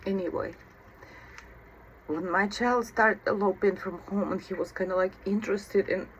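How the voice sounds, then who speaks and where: A mother giving personal advice on a vlog, talking in a halting, emotional way and often stopping to apologize. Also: mid-range voice, fairly even intonation, lo-fi sound, a little hiss or hum. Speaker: mother of an autistic child.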